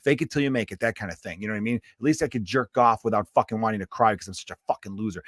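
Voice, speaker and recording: A man's voice: lowish voice, racing, hardly any pauses, fairly bright tone, no room sound, clean studio sound. A man hosting his own podcast, a stand-up comedian ranting casually and bluntly, swearing freely, with a lingering cough. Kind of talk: casual profane rant.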